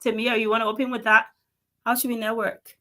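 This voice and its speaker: Woman panel moderator; bright, sharp tone; brief, polite handoffs. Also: fairly high pitch, little pitch movement, brisk. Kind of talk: panel discussion.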